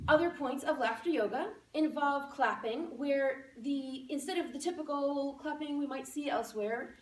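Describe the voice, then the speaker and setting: A woman giving a playful, animated laughter-yoga demonstration speech to a live audience. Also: high-pitched, a little hiss or hum. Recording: echoey room from far off.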